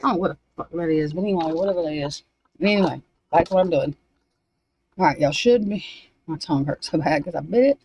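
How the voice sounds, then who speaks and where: A woman's voice: low voice, fast talker, long pauses, darkish tone, breathy edge, low-quality recording. A woman reading spiritual cards on a casual livestream, scattered and swearing under her breath as she talks to herself. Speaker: spiritual card reader. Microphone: desk microphone.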